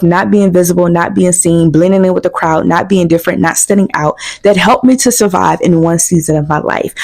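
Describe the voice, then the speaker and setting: A woman's voice: on the low side, darkish tone. Earnest woman giving a motivational talk. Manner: earnest, repetitive, encouraging. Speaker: self-trust coach.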